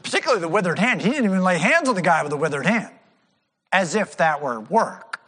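Lively, bright-voiced male preacher. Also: sits high, big-room sound. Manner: animated preaching, acting out quoted figures. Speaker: pastor. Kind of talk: sermon.

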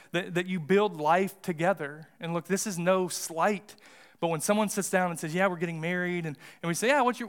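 A man's voice: sits high, a bit bright, smooth. A young American man preaching a sermon as pastor, casual and conversational with fillers and restarts. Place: church sanctuary.

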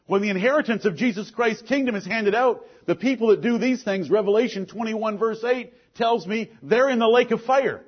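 A man preaching a sermon with force, asking pointed questions and swinging between loud and low lines. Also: normal speed, hardly any pauses, husky, muffled recording. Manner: forceful preaching, rises and drops sharply, rhetorical questions. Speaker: pastor.

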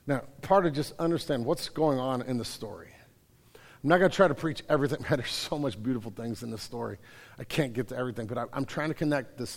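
A man preaching a sermon, reading scripture aloud and then retelling it in a conversational, animated way. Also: mid-range voice. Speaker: pastor. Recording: hall reverb.

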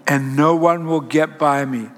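A man's voice: a little high, a little slow, a little hiss or hum, natural voice. A man playing a watchful, protective father who speaks firmly and insistently. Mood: firm, resolute. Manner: firm, insistent. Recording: long hall reverb.

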